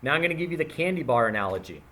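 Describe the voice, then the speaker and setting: A man teaching a math lesson speaks rapid-fire in a fairly high voice. He explains with playful everyday analogies, animated and casual, addressing his students directly.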